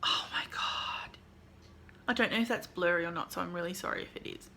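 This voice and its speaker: Woman vlogger, bright and excitable, chatty haul video, a faint hiss under her voice. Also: lowish voice, racing. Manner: gushing, excitable, chatty with many fillers. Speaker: vlogger showing a tarot deck haul. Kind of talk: casual chat.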